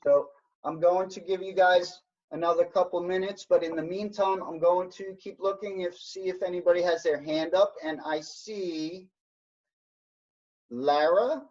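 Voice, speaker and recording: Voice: medium pitch, steady tone, measured pace, a little mellow. An instructor teaching an online science workshop, explaining step by step in an encouraging way over a video call. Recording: dull lo-fi video call audio.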